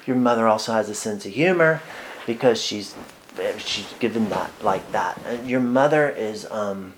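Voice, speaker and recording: A man working as a psychic medium in a one-on-one reading, speaking haltingly with many fillers and restarts, sometimes dropping to soft murmured asides. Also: fairly low pitch, huge pitch swings, a little hiss or hum.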